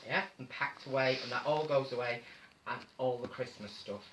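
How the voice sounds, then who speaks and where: A man's voice: medium pitch, moderate pace, a bit bright, reverberant, slight background noise, rough recording. A man with a North Manchester accent hosting a casual live stream from his home, chatty and theatrical, calling his viewers darling. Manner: camp, chatty, theatrical, calls people darling. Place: home room.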